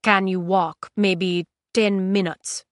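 A woman voicing a middle-aged desert stranger who speaks with a thick accent and stumbles slowly over his words. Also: mid-range voice, fairly even intonation, dry recording, clean studio sound, lightly acted. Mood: helpful.

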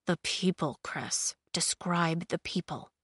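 A woman's voice: medium pitch, fairly even intonation, a little slow, no room sound, studio quality, lightly acted. A woman voicing a blind young traveler who pleads urgently for help for himself and his wife. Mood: hushed.

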